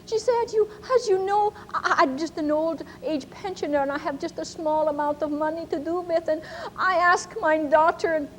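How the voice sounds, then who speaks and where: A woman's voice: extremely high pitch, normal speed, fairly bright tone, in a large hall, slight background noise, voice pushed up. A woman voicing a tearful elderly German pensioner who speaks broken English with a German accent. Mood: tearful, grateful.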